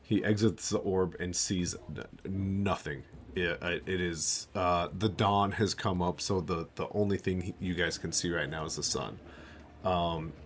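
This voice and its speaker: A man's voice: sits low, a little hiss or hum. A man narrating as game master of a tabletop role-playing game, chatty and loose with filler words.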